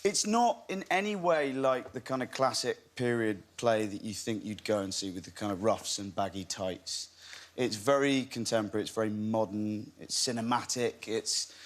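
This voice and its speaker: A man, an actor guest on a talk show, telling anecdotes in a relaxed, self-deprecating way. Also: fairly low pitch, normal speed. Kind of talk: chatty interview.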